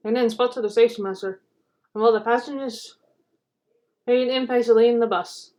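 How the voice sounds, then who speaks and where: A woman reading a children's storybook aloud, narrating in an animated, dramatic way. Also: a little high, brisk, pauses often. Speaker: storybook reader.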